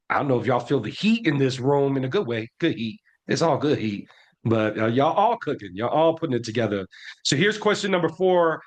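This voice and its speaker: A man moderating a panel discussion who speaks in an upbeat, encouraging way as he invites others to speak. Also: mid-range voice.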